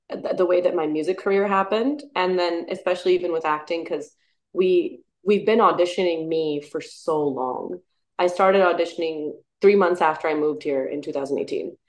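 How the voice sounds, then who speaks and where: Woman, 30s, interview guest, enthusiastic, laughs a lot, low-ish voice. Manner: enthusiastic, laughs often, restarts. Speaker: musician and actor, interview guest. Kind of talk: casual interview chat.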